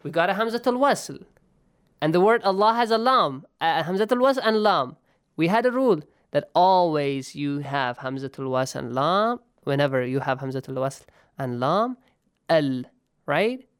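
A man's voice: a little high, lively intonation, moderate pace, clean tone. A man teaching Quran recitation rules in a lesson, explaining patiently and checking understanding often. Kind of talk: online tajweed lesson.

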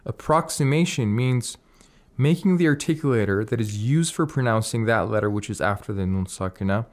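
A man's voice: medium pitch, expressive, normal speed. A man patiently explaining Arabic pronunciation rules on a radio lesson, reciting short Arabic phrases as examples. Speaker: Quran recitation teacher.

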